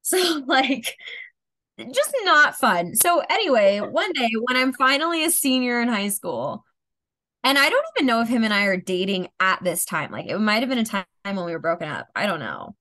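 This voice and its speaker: A woman's voice: a little high, sing-song, moderate pace, pushed and bright. A young woman co-hosting a podcast, telling a candid story in a rambling way full of fillers, a little tipsy. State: slightly intoxicated. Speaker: podcast co-host. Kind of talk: casual confessional chat.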